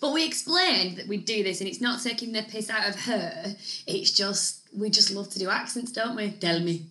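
A woman's voice: mid-range voice, moderate pace, sharp tone, reverberant. A woman co-hosting a business podcast in casual, rambling, playful chat. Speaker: podcast co-host.

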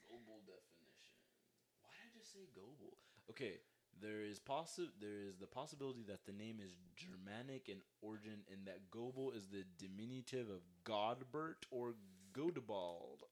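A man's voice: on the low side, expressive, normal speed. A young man hosting a podcast in a goofy, rambling, jokey casual chat. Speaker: podcast host.

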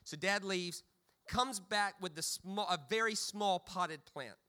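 A man delivers a sermon in a high, bright, sharp voice, taking his time and speaking smoothly. He relies on funny stories and frequently stammers, repeating words.

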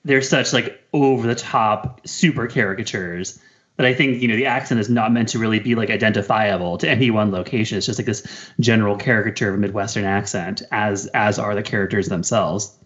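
A man's voice: fairly low pitch, steady tone, brisk, a bit bright, highs cut off. A man co-hosting a film review podcast in casual chat, teasing his co-host playfully and laughing often.

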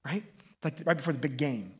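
Male pastor, slightly high and husky, casual excitable sermon delivery full of restarts. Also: brisk. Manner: conversational, excitable, frequent restarts and "right?" tags.

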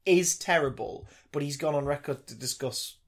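A man's voice: fairly high pitch, moderate pace. A man co-hosting a casual comedy podcast, playful, crude and mock-grandiose. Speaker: podcast co-host.

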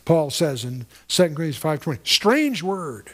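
Earnest man teaching scripture, slightly high. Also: animated, fairly quick, few pauses. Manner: earnest, explanatory, with frequent restarts and rhetorical questions. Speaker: Bible teacher. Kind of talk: verse-by-verse sermon teaching.

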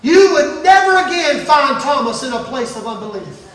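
Very high-voiced preacher in an echoing church. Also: male voice, sing-song, normal speed. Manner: shouting and dropping to near whispers, playful asides. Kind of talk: sermon. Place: church sanctuary. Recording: very echoey room, mic at a distance.

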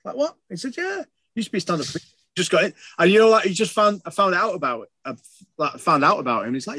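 A man's voice: fairly high pitch, sing-song, quick pace, sharp tone, husky, no echo. A man chatting casually on a podcast, rambling and enthusiastic, swearing freely. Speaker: podcast co-host.

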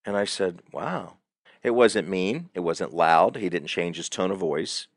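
A man's voice: low voice, a little slow, creaky, no echo, clean studio sound. A middle-aged man talking on a podcast as a guest counselor, telling stories with lots of repeated fillers. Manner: animated storytelling, frequent repeated fillers. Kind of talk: conversational podcast advice.

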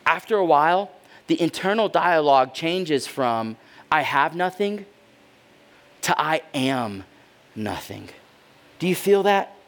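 Animated high-voiced male preacher. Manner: dramatic, swings from hushed to loud voicing of characters. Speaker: pastor. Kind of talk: sermon.

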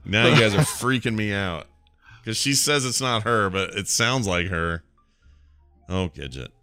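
A man hosting a podcast in casual chat, excitable and quick to laugh. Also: fairly low pitch, no echo, faint music behind. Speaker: podcast host.

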